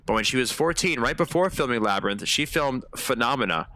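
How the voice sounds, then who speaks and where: A man's voice: medium pitch, expressive, a little fast, bright, forceful tone, no room sound. A man giving chatty live commentary on a horror game, swearing often and talking to his viewers. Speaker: game streamer.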